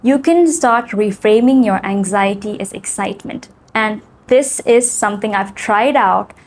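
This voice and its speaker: A woman's voice: mid-range voice, measured pace, a little mellow, slight background noise. A woman talking to camera in a casual, earnest self-help video, often saying "like" and "right?". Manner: chatty, earnest, frequent "like" and "right?".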